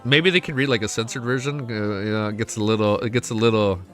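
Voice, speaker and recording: Excitable young man on a stream. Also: lowish voice, fast talker, soft background music. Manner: excitable, swears a lot, says dude and man often. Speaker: streamer reacting to a web novel. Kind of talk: casual live-stream chat.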